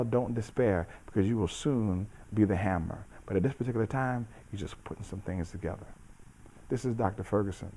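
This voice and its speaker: Measured, preacherly man, low voice. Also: dark tone, slight background noise. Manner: measured, preacherly, repeats phrases for emphasis. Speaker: judo coach and host. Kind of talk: reflective motivational talk.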